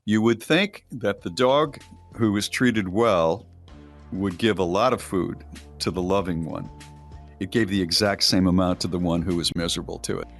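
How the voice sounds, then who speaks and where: Lower-voiced man co-hosting a morning show. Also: normal speed, faint music behind. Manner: conversational, plain-spoken. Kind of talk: casual chat.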